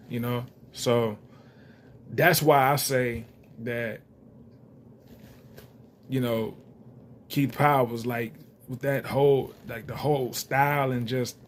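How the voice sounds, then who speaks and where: A man's voice: mid-range voice, slight background noise. A young man giving rambling, casual commentary with loose slang and lots of fillers. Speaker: reality TV commentator.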